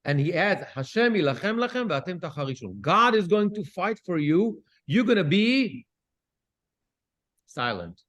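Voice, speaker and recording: A man, a cantor, teaching a Bible study class who reads Hebrew verses aloud and translates them with lively questions. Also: sits high, moderate pace.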